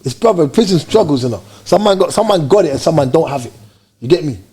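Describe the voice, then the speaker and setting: Man, quick delivery, mellow dark tone, slangy storytelling interview guest. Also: fairly high pitch, breathy edge. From Jamaica. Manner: fast, animated street slang storytelling.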